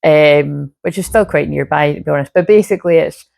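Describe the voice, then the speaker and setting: A woman's voice: low-pitched, a little fast, creaky, darkish tone. A woman giving a casual, rambling astrology reading full of fillers. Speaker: spiritual reader.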